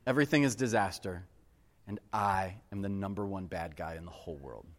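A man preaching a sermon. He tells a personal story in an earnest, animated way and keeps addressing the crowd as guys. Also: low voice, brisk. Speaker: pastor. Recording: long reverb of a large hall.

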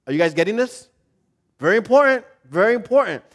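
A male pastor giving a casual, humorous sermon with dramatic swings between loud and soft. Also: high-pitched, big pitch swings, fast.

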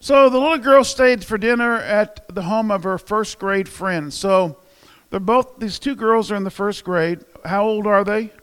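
A male pastor with a high, somewhat bright voice preaches a sermon, and the sound carries the feel of a big room. Chatty and conversational, he tells jokes and polls the congregation, mixing humor with audience interaction.

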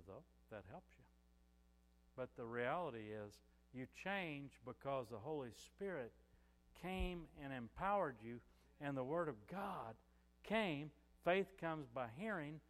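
Older guy pastor preaching casual, kinda high voice, long church reverb. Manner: conversational preaching, frequent "you know" fillers. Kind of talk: sermon.

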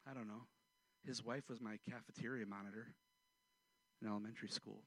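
A man in his forties, a pastor, preaching a sermon and telling a personal story, swinging from loud outbursts to hushed, quiet passages. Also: on the low side, steady tone, brisk, no room sound.

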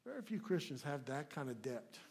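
A man preaching a sermon as a guest speaker, folksy and plainspoken, swinging between loud, emphatic points and hushed asides. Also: on the high side, big pitch swings, fairly quick, vocal fry, breathy edge.

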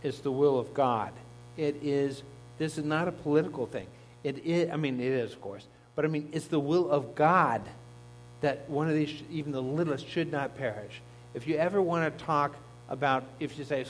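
A man's voice: fairly high pitch, normal speed, a little hiss or hum. A man, a pastor, preaching a sermon in a conversational teaching manner, with asides to the congregation. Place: church.

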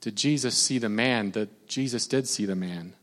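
A man's voice: on the low side, moderate pace, a bit bright. A man from Minnesota preaching a sermon in a casual, conversational way, often repeating his words. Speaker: pastor. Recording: long hall reverb.

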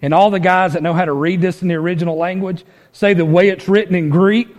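Pastor, male, fairly high voice, preaches conversationally with lots of rhetorical questions. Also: steady tone, quick pace, a little mellow, dull audio. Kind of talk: sermon.

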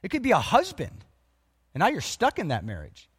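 Male preacher, sermon, emphatic, high voice, swooping delivery. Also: a little fast, slightly rough, in a large hall. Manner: animated and emphatic, acts out voices of people.

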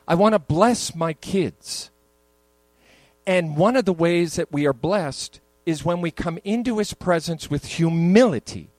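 A man's voice: a little high, dry recording, rough recording. An older man, a pastor, preaching a sermon in a church, moving between conversational asides and emphatic peaks. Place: church sanctuary.

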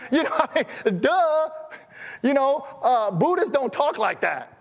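A very high-pitched, sing-song male voice unfolds unhurriedly through a long reverb tail. The speaker is a pastor delivering a sermon, storytelling conversationally and often restarting his sentences with a stammer.

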